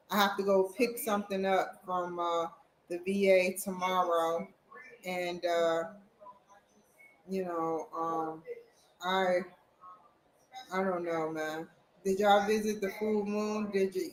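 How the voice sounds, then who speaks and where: A woman's voice: medium pitch, roomy sound, a little hiss or hum, poor audio. A woman vlogging at home, chatting casually and rambling straight to her viewers. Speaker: vlogger, college student. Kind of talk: casual chat to camera. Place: at home, indoors.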